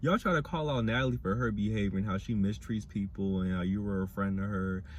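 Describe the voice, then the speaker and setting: A young man with a Black dialect, giving a sassy, animated casual review of a reality show. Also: fast talker, slight background noise. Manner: animated, sassy, mimics cast members in high voices. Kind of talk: casual commentary.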